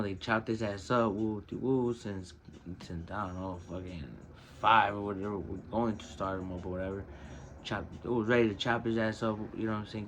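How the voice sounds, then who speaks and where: A man hosting his own show, telling a personal story in casual, profane street slang and getting animated when he quotes people. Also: fairly low pitch, slight background noise. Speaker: podcast host.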